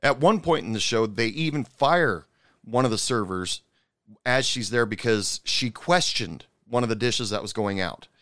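A man's voice: mid-range voice, normal speed, fairly bright tone, no room sound, studio quality. A man casually retelling a restaurant story, rambling with lots of fillers and restarts and growing indignant. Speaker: commentator recounting a TV episode.

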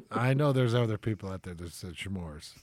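A man's voice: fairly low pitch, animated, normal speed, a little mellow, dry recording, clean studio sound. A man co-hosting a radio show, chatting casually and sounding incredulous, and he laughs easily. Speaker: radio co-host.

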